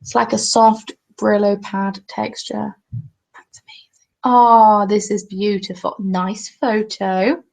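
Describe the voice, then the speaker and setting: A woman's voice: mid-range voice, flat delivery, takes it slowly, creaky, a little mellow, low-quality recording. A young southern English woman chatting casually on a craft live stream at home, joking and reading viewer comments aloud. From England. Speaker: craft vlogger. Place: at home, seated. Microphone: webcam.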